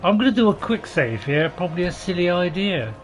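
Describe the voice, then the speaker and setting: A man hosts a gaming channel, his high voice very animated and fairly quick, with faint music behind. His gameplay commentary is chatty and self-deprecating, with dry jokes, lots of hesitation, and many fillers and restarts.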